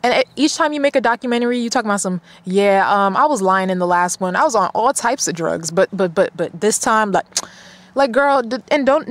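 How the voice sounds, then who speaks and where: A woman's voice: medium pitch, no room sound. Exasperated woman ranting, dry sound. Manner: exasperated, blunt, swears a lot. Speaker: vlogger. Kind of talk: casual commentary rant.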